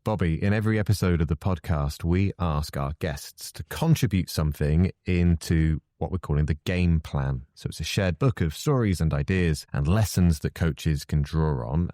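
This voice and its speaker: A man hosting a coaching podcast, leading into a segment in a measured, scripted way. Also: very deep voice, warm tone, dry recording, clean studio sound. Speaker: podcast host. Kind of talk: podcast interview.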